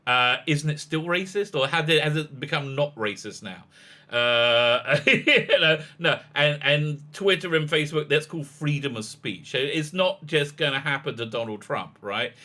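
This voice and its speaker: A man who is a rabbi, arguing politics in a halting way with many restarts, often rising into emphatic challenges. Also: on the high side, expressive, sharp tone. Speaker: rabbi and online commentator. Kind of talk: argumentative political commentary.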